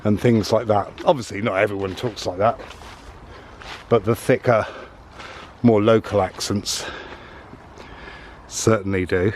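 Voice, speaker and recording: A man's voice: fairly low pitch, steady tone, measured pace, pauses often, darkish tone, a little hiss or hum. A man, chatting casually and rambling a little while he walks a woodland path and films. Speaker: nature vlogger. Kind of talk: casual walking commentary. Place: woodland path outdoors, walking.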